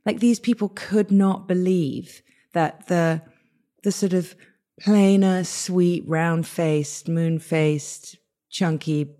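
A woman with an English accent talks in a low voice with a warm, soft tone. She tells her stories casually and with energy. She often breaks off and starts her sentences again, and she acts out the people she quotes. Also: slow. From England. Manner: lively, chatty, many restarts and quoted asides. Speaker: guest. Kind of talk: casual interview storytelling.

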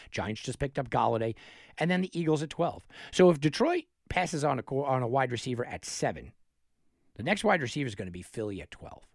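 Animated gravelly man talking sports bets. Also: medium pitch, dry recording, clean studio sound. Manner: animated, talks himself through picks with restarts. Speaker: sports betting show host. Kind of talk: solo sports betting talk.

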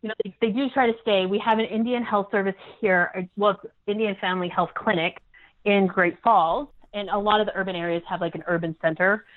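A woman's voice: mid-range voice, fairly even intonation, fairly quick. Chatty Montana woman on a tinny line. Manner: chatty, laughs easily, trails off with fillers. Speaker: state representative guest. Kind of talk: casual interview chat.

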